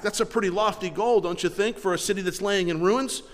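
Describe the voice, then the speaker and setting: Brief: male pastor, high voice, conversational sermon, long hall reverb. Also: a little fast. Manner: conversational, restarts often.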